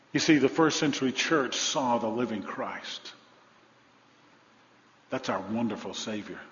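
A man preaching a sermon, telling stories with humor and swinging between loud emphasis and low, soft lines. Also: expressive, measured pace, long pauses. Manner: storytelling with humor. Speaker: pastor. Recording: dull sound with long hall reverb.

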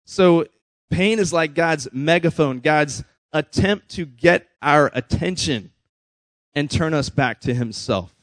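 A male pastor preaches in a conversational way, often checking in with his listeners through frequent "right?" asides. His voice is on the high side, with no room sound.

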